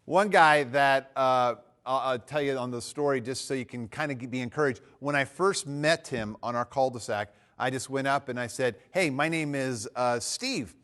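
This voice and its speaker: A man's voice: medium pitch, normal speed, few pauses. A man giving a teaching talk at church, telling personal stories in a conversational way with many fillers and restarts. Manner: animated storyteller.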